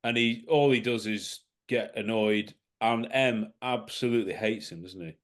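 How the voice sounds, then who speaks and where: A man's voice: on the low side, moderate pace. A man on a podcast panel chatting enthusiastically about a film, and he laughs often. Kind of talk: casual film discussion.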